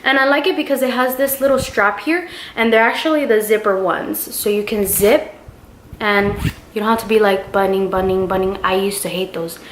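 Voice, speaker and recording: This baby-haul vlogger, a young woman, shows off clothes in easygoing show-and-tell chat, gushing and leaning on fillers. She speaks at a moderate pace with a medium-pitched, slightly bright voice, recorded in a roomy home space with slight background noise.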